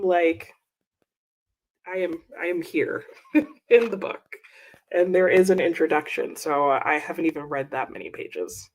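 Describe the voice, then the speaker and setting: A woman with a slightly low voice chats casually on a reading livestream, recorded at her home desk. She greets viewers one by one and reacts brightly to their comments with small exclamations. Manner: upbeat, reads viewer comments aloud with little exclamations. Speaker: livestream host. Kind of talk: casual live-chat reading stream.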